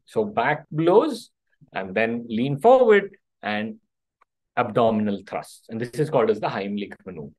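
Very animated yet unhurried, a middle-aged doctor with a darkish mid-range voice teaches an interactive first-aid workshop. The recording is rough, and he keeps asking his audience "okay?" and "right?".

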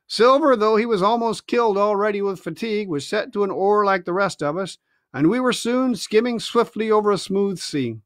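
A man reading a classic adventure novel aloud with expressive storytelling. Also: sits high, normal speed, dry recording, clean studio sound. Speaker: reader.

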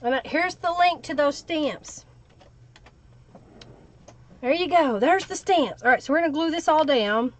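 A woman's voice: sits high, expressive, unhurried, pauses often. A woman hosting a live craft stream, chatting and thinking aloud while she works and greeting viewers by name. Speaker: craft livestream host. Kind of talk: live crafting tutorial with chat shout-outs.

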